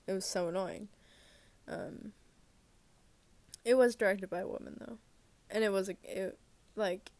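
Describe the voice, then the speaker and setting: A woman's voice: mid-range voice, gravelly, a little mellow. A woman giving rambling, casual movie reviews alone in her bedroom, full of fillers, restarts and trailing thoughts.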